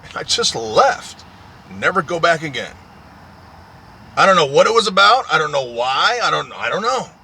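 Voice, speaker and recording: A man's voice: fairly high pitch, very animated, moderate pace, pauses often, bright, forceful tone, husky. A man, a truck driver, in a profane, repetitive, aggrieved ranting monologue.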